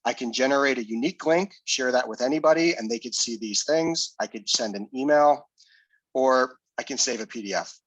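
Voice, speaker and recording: Guy walking thru a software demo, explaining as he clicks, um's and restarts, dry close sound. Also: mid-range voice, fairly quick, dry recording, low-quality recording. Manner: explanatory, casual, with fillers and restarts. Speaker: presenter. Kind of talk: screen-share software demo.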